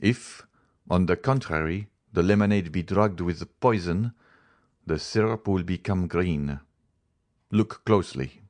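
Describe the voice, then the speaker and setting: Man playing a grave audiobook doctor, deep, steady, certain. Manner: measured, coldly certain. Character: grave, stern middle-aged male doctor.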